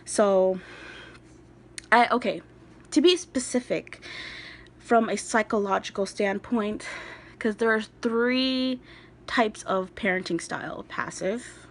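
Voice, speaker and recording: A young woman in a chatty, rambling self-introduction, recorded on a phone. She speaks at an ordinary pitch for a woman and drifts into tangents with small laughs along the way. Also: slow pace, pauses often, slight background noise. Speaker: craft vlogger.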